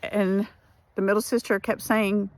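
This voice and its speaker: A woman giving an emotional personal testimony for a ministry, speaking haltingly and restarting her sentences. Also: medium pitch, flat delivery, no room sound.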